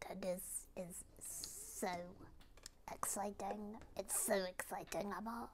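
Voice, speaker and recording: Woman doing a whispered role-play: timid little toy girl, slow, flat, breathy. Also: mid-range voice, slight background noise, natural voice. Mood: pleading.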